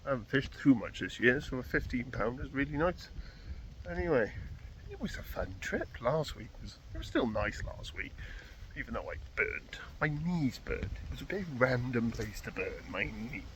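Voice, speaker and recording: A chatty angler rambles easily through his fishing session, with a mid-range voice whose pitch moves a lot. He is recorded outdoors by a pool, and a clear hiss of wind and open air sits behind him. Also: sing-song, moderate pace, a bit bright, low-quality recording. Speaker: angler vlogger. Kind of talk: casual fishing vlog.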